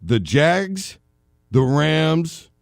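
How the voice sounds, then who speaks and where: Animated man hosting sports radio. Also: fairly high pitch, very slow, no echo, clean studio sound. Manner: animated, jokey, tells long comic analogies. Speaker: sports talk show host. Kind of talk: casual sports radio talk. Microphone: studio microphone.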